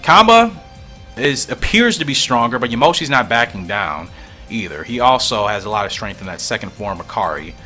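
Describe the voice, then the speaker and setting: A man's voice: medium pitch, sing-song, moderate pace, sharp tone, faint music behind. A man giving casual commentary while reading through a comic, musing and thinking aloud, at times confused.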